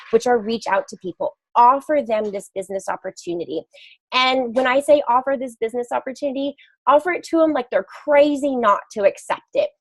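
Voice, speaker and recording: A woman's voice: on the high side, dry recording, rough recording. Earnest encouraging woman hosting a call. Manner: earnest, encouraging, self-described scattered. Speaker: call host. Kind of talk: motivational pep talk.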